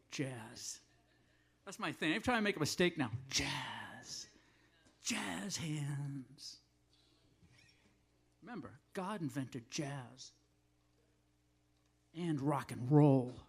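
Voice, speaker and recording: A man's voice: fairly high pitch, a little mellow, husky. Older man telling a rambling story. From northern United States. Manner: rambling, self-deprecating humor. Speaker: singer-songwriter. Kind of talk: storytelling between songs at a live show. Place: live café performance.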